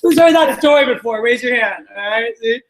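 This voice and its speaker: A woman sales trainer telling stories to a group, acting out quotes in an animated way. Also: fairly high pitch, a little fast, a little hiss or hum. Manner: animated storyteller, acts out quotes. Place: meeting room with a group. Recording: echoey meeting room.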